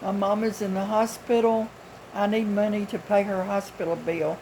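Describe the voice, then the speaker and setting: Woman doing a whiny young male scammer, begging, tearful, higher-pitched. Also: fairly even intonation, moderate pace, warm tone, slight background noise, close to an everyday voice, low-quality recording. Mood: pleading.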